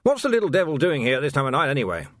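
A man's voice: fairly high pitch, very animated, normal speed, fairly bright tone, slightly rough, no echo, clean studio sound, pitched above the performer's own voice, exaggerated voice. A man voicing a pompous, blustering old army captain in an audiobook, who barks and tacks questions onto his accusations. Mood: barking. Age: older. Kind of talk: audiobook character voice.

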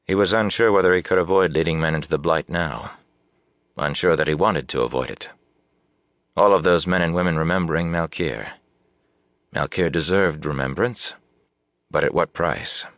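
A man reading a fantasy novel aloud as audiobook narration, with a measured, even storytelling delivery. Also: a bass voice, dry recording, studio quality. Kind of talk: scripted narration.

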